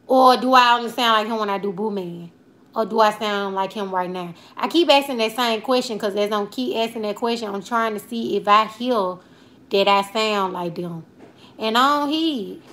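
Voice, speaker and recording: A woman's voice: medium pitch, normal speed, fairly bright tone. A woman in her twenties from Alabama with a Southern accent, chatting loosely and playfully with viewers on a livestream as she reads out their comments. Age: 20s. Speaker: comedian and livestream host. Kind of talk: casual livestream chat reading viewer comments.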